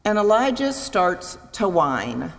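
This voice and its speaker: A woman preaching a sermon in a church, expressive, acting out voices and asking her listeners questions. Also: mid-range voice, slow pace, creaky. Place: church sanctuary. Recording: long reverb in a large hall.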